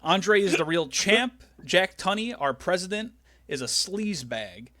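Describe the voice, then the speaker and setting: A snide male wrestling manager who sneers and shouts his lines, as a man puts him on. The voice is high and bright. It is close and dry. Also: lively intonation, unhurried, no echo, full character voice. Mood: sneering. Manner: sneering and loud.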